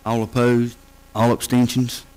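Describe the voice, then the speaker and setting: A man chairing a county council meeting, calling motions and votes in a brisk procedural way. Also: mid-range voice, monotone, a little mellow, smooth, rough recording.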